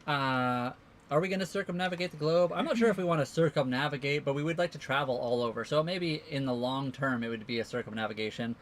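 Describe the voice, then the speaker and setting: A man's voice: medium pitch, quick pace, a little hiss or hum. A man co-hosting a casual livestream, rambling through answers to viewer questions. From Canada. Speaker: livestream co-host.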